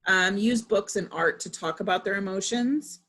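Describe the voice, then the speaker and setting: Husky-voiced mother presenting a parenting talk. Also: medium pitch, moderate pace, fairly bright tone. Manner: conversational, with frequent fillers and personal anecdotes.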